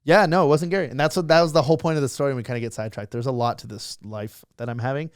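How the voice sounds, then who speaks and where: A young man, a social media creator, telling a story as a guest in a casual interview, animated and acting out other people's lines. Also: medium pitch, clean tone, dry recording, clean studio sound. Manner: fast, animated storytelling, acts out quotes.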